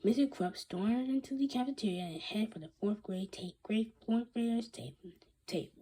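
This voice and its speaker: Woman reading a children's book aloud, mellow husky voice, stumbles and restarts. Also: on the high side. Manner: halting, with frequent restarts. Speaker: reader.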